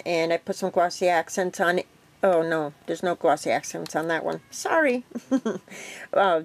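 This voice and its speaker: A woman with a slightly low voice talks through her homemade craft project in a loose, unhurried way. She fills pauses with ums and corrects herself as she goes, like a casual show-and-tell at her craft table. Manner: relaxed, rambling with many ums and self-corrections. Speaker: craft vlogger.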